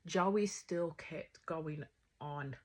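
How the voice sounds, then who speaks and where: Woman reviewer, husky, low-pitched, outspoken chat. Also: drawn-out words. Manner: outspoken, swears freely, animated retelling. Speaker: reality show reviewer. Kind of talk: casual reaction commentary.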